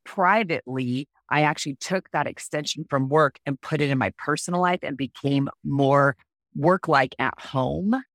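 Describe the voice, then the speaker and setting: A woman in her forties, a podcast guest, telling frank personal stories in an expressive way. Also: deep voice, normal speed, no room sound, clean studio sound. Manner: expressive, frank, acts out quoted voices. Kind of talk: candid podcast storytelling.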